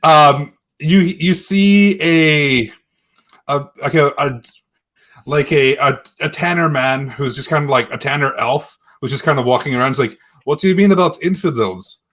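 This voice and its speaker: Man game master, slightly high voice, halting, lots of ums and likes. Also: fairly bright tone. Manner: halting, full of fillers and restarts. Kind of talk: narrating a tabletop game.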